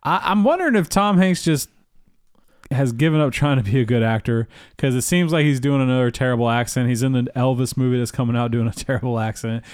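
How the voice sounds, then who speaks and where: A man's voice: mid-range voice, fast, a little mellow, no echo, studio quality. A man co-hosting a casual podcast, blunt and opinionated, often laughing at his own jabs. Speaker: podcast co-host. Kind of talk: casual chat.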